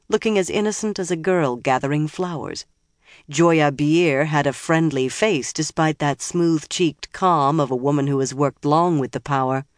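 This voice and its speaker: Steady, dry audiobook narrator. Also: medium pitch, no echo. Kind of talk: scripted fantasy narration.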